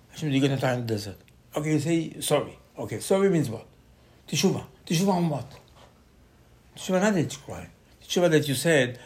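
A middle-aged man giving an animated Torah sermon, acting out quotes with sudden loud bursts. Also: mid-range voice. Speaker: rabbi.

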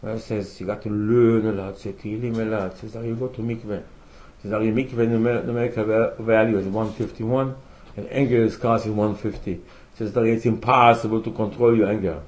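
A man's voice: on the low side, fairly even intonation, fairly quick, a little mellow, poor audio. A man teaching a religious class, asking rhetorical questions and quoting Hebrew sources with emphasis. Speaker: rabbi teaching a Torah class. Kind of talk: religious lecture.

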